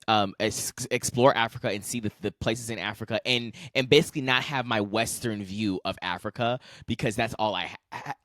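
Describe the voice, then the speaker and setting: A man's voice: mid-range voice, fairly bright tone, dry recording, clean studio sound. Chatty young man on a podcast. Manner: chatty, filler-heavy, laughs easily. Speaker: podcast co-host. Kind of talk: casual podcast chat.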